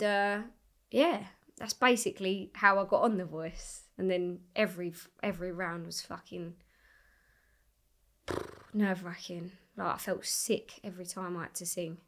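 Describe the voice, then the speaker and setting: Animated woman telling a story. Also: on the low side. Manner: animated, swears freely, acts out quoted dialogue. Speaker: singer guest. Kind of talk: casual storytelling interview.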